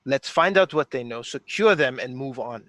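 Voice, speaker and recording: Man, game player, dry recording, brisk plain talk. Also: medium pitch, expressive, a bit bright, dry recording. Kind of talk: casual game chat.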